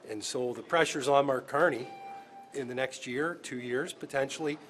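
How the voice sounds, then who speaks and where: A male politician answering reporters in a press scrum, measured and pausing as he thinks. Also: mid-range voice, a bit bright, soft background music.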